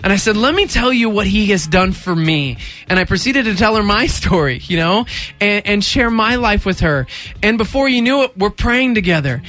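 Young male radio host, high bright voice, lively storyteller who acts out quotes. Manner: animated, acts out voices in quotes, quick bursts. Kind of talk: casual storytelling chat.

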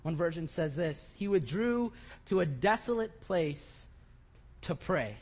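A man preaching a sermon, moving from quiet scripture reading to loud, impassioned crying out. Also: on the high side, animated, slow. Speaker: pastor.

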